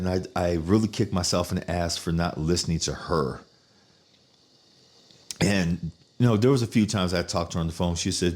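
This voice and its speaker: A man in his fifties from Arizona talks through his own life on his podcast. His voice sits on the low side, and he tells stories candidly with plenty of swearing, slowing down when he turns reflective. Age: 50s. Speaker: podcast host. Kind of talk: personal monologue.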